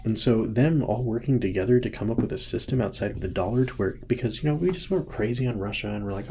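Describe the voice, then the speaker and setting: A man with a low, gravelly voice talks through the news in a loose, rambling way, stopping to restart and rephrase himself. It sounds like a casual home recording with a faint hiss underneath. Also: lively intonation, fast talker, few pauses, mellow. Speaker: host. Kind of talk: casual political commentary. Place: home, with a sleeping child nearby.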